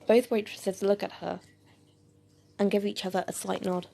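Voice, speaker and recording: A woman reads a homemade audio story aloud, in a low-key, gravelly voice with a mellow, dark tone. She stumbles now and then on small fillers and keeps her delivery plain. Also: steady tone, moderate pace, a little hiss or hum. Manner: plain reading with hesitant fillers. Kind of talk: amateur audio story narration.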